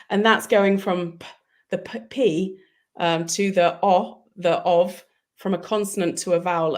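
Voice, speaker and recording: Female speech trainer, slow and instructive, demonstrates sounds. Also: lowish voice. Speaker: speech coach. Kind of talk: interview answers.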